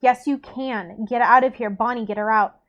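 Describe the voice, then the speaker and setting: A woman's voice: a little high, steady tone, moderate pace, lightly acted. A woman reading a curt, urgent young man. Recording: dull lo-fi recording.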